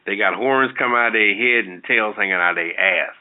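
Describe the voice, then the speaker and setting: A man co-hosting a talk show, giving blunt, animated opinions in casual commentary with many restarts. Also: lowish voice, brisk. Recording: tinny phone-like audio.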